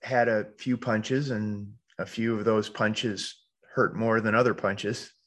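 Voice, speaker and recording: A man's voice: on the low side, fairly even intonation, takes it slowly, fairly bright tone. A man hosting a casual podcast chat, speaking in a reflective, hesitant way with many restarts.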